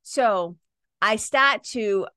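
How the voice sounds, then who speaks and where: A woman's voice: mid-range voice, drawn-out words, pushed and bright, clean tone, no room sound, studio quality. A woman, a yoga teacher, telling a personal story in a casual, conversational way, full of "right?" and "like" and the odd swear word. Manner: conversational, with frequent "right?" and "like" fillers; frank, swears now and then.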